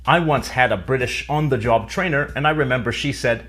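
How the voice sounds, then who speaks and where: Clear man explaining English grammar. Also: mid-range voice, fairly quick, fairly bright tone, faint music behind. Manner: clear, explanatory, dryly humorous. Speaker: English teacher. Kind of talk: scripted educational narration.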